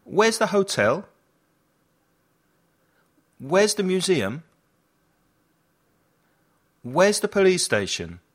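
A man's voice: high voice, big pitch swings, drawn-out words, pauses often. A man reading travel phrases aloud for learners, one at a time, each with a falling end. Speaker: phrase reader for language learners.

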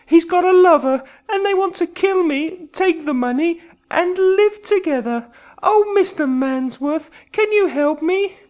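A man voicing a frightened, rich young wife who pleads desperately in a high, tearful falsetto. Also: expressive, a little slow, hardly any pauses, a little mellow. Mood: desperate pleading.

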